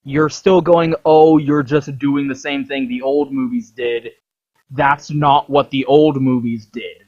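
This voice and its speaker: Husky, heated, swearing vlogger. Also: mid-range voice. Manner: profane, heated, filler-heavy. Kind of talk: casual ranting monologue. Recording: dull lo-fi recording.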